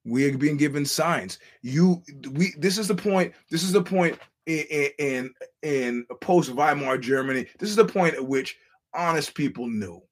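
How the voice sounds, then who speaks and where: A man hosting a solo podcast, ranting bluntly and swearing often. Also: on the high side. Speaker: podcast host.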